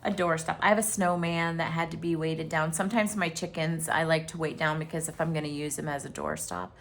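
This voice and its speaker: A middle-aged woman chatting casually to her viewers about her crafting finds, excitable and full of fillers. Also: low voice, fairly quick, slight background noise. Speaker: crochet vlogger.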